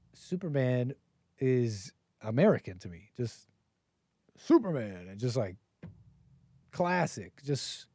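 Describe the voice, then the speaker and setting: A man in his thirties hosts a call-in livestream in a loose, rambling way, chuckling as he reads viewer messages aloud. His voice has a mellow, darker tone. The recording is dry and close, with no room sound. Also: on the high side, no room sound. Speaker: host of a call-in stream. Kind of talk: casual livestream commentary.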